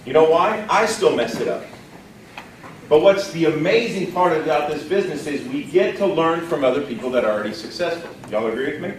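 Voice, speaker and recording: A man from Texas giving an energetic motivational training talk to a live audience, often putting questions to the room. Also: a little high, a little fast, a little hiss or hum. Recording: roomy echo from far off, faint ambience.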